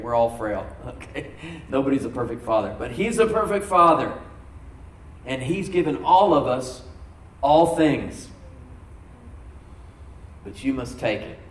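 A man preaching a sermon as pastor, stressing words by slowing down and rising in emphasis. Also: medium pitch, darkish tone, recorded from a distance. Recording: echoey room, from off mic.

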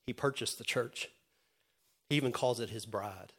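A man preaching a sermon in an earnest way, with many restarts, moving from loud calls to the congregation to quiet retelling. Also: medium pitch, normal speed. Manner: earnest, swings from loud calls to soft storytelling; stammering restarts.

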